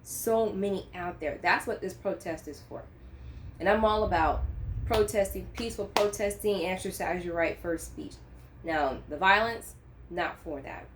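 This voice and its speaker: Lady vlogger talking faith, low-ish voice, earnest and fired up. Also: moderate pace, a little hiss or hum. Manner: earnest, impassioned, rising to emphatic peaks. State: choked up. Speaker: Christian vlogger. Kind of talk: unscripted faith talk to camera.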